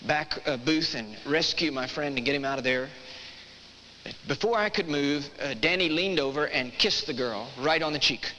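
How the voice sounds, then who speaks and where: A man's voice: a little high, sharp tone. A man preaching a sermon, telling a story and then teaching with earnest, emphatic repetition. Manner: earnest, emphatic, repeats phrases for effect. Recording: echoey hall, faint background noise.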